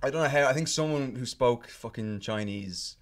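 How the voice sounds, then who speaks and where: In a casual podcast chat, a male guest with a medium-pitched voice tells a long, rambling story at normal speed. His telling is profane and packed with fillers and restarts.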